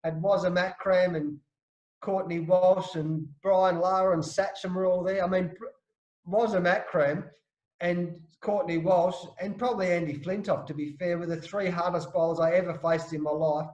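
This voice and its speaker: A middle-aged Australian man, a former cricketer, telling animated stories with restarts in a casual interview. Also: high-pitched, moderate pace, roomy sound, dull audio. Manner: animated anecdotes with frequent restarts and laughs.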